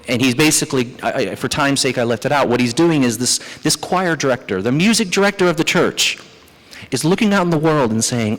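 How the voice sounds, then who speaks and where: A male pastor preaching a sermon, lively and animated, who acts out the psalmist's complaints as he goes. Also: medium pitch, brisk. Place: church sanctuary. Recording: church hall reverb.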